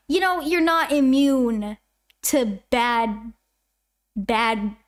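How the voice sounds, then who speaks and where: A twenty-year-old woman from Canada, a YouTube animator, chatting casually on a livestream as she answers chat questions in a rambling way. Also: sits high. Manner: chatty, rambling, self-interrupting.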